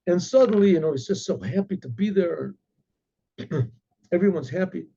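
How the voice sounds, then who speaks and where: Rabbi storyteller, high husky voice, dull lo-fi recording. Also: male voice. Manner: animated, halting with restarts. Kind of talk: oral storytelling.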